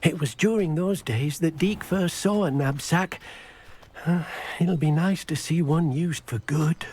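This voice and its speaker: A man's voice: fairly high pitch, a little slow, a little mellow, slightly rough. An actor playing a kindly male house elf in a video game, who talks about himself in the third person. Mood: earnest.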